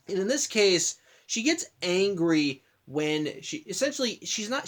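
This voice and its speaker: A man hosting a casual spoken analysis of a cartoon episode at home, rambling, restarting sentences and apologizing for interruptions. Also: on the high side. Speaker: host.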